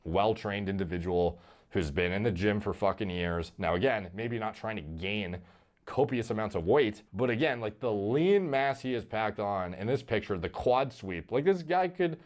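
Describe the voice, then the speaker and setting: Lower-voiced man doing casual fitness commentary. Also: animated, moderate pace, a little mellow. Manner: casual, profane, speculative. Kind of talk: video commentary played on stream.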